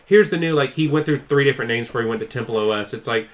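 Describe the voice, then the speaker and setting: Racing along at medium pitch, a man co-hosting a podcast tells a long, meandering story in casual conversation. He packs in "like" fillers and acts out quotes with raised intensity.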